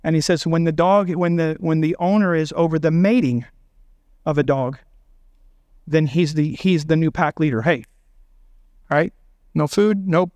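A man's voice: on the high side, moderate pace, darkish tone, dry recording, lo-fi sound. A man preaching a sermon as pastor, emphatic and full of rhetorical questions.

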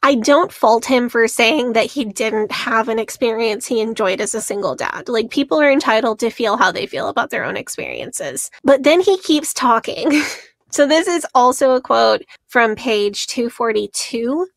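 A woman's voice: a little high, expressive, normal speed, vocal fry, no room sound. A woman co-hosting a podcast in casual chat. She tells the story with energy and often laughs as she reads out quotes. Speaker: podcast co-host.

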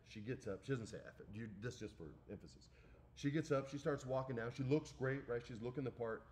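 A man in his forties co-hosts a podcast, telling an animated story in casual chat. His pitch swings widely as he acts out the lines and swears freely. A faint hiss sits under his voice. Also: brisk. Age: 40s. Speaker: podcast co-host.

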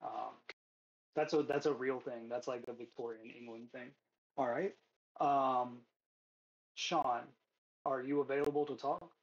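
A man's voice: mid-range voice, steady tone, measured pace, pauses often, lo-fi sound. A man running a tabletop game as game master, casual and loose with many fillers.

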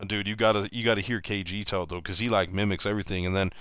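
A man with a very low, smooth and resonant voice rambles through a story as he plays, restarting sentences as he goes. The sound is dry and close, with no room echo. He chats loosely and casually to his viewers. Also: steady tone, very fast, a bit bright. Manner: mimics other people in raised voices when retelling stories. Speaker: streamer. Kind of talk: casual storytelling over gameplay.

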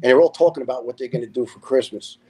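A man, a retired firefighter telling lively stories as a podcast guest and acting out the people in them. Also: rapid-fire, husky. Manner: animated storyteller who acts out quoted people with big pitch jumps. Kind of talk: storytelling in a podcast interview.

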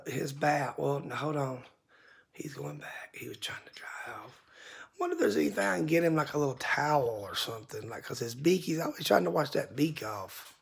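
Sing-song woman with a gravelly edge. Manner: high sing-song baby talk to her pet bird. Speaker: pet owner vlogger. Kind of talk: casual vlog talking to viewers and her bird.

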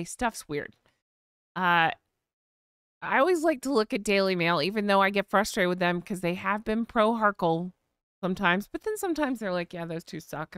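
A woman's voice: medium pitch, fairly bright tone, clear, resonant tone, no room sound, studio quality. An American woman hosting a live chat, chatting casually, reading viewer comments and sighing with vocal eye rolls. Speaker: live stream host.

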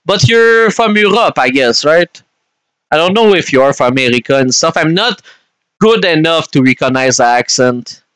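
A man's voice: on the high side, lively intonation, normal speed, fairly bright tone, clean tone, no echo, low-quality recording. A young man from Canada, chatting casually and swearing freely as he streams a game and answers his chat.

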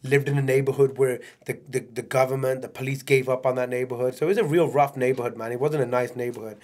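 A man from England, a podcast guest, telling his life story in a casual, animated way and often saying "man". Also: mid-range voice, fast.

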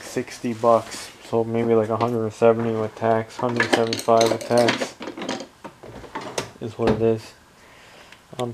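Gravelly man rambling outdoors at night. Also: mid-range voice, mellow, low-quality recording. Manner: rambling, complaining, muttering asides. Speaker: vlogger. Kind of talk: casual late-night vlog. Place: outdoors at night by a condo parking lot.

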